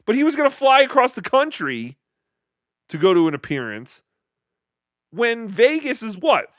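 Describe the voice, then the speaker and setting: A man hosting a casual livestream, reading viewer messages and riffing with jokes and quick impressions. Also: high-pitched, fairly bright tone, no room sound, clean studio sound. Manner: riffing, jokey, slips into silly impressions. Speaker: show host.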